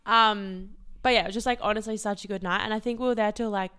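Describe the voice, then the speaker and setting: Breezy young woman, clear voice. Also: mid-range voice, steady tone, fast, bright, forceful tone. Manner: breezy, filler-heavy recounting. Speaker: podcast co-host. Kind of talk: casual chat.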